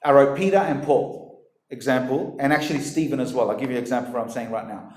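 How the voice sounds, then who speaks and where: A man preaching a sermon in an animated, emphatic way, talking straight to his listeners. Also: medium pitch, fast talker. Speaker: pastor. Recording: echoey room.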